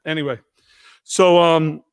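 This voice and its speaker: A man hosting a live stream, telling stories in a casual, profane, animated way. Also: a little high, slow, clean tone, dry recording. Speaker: host.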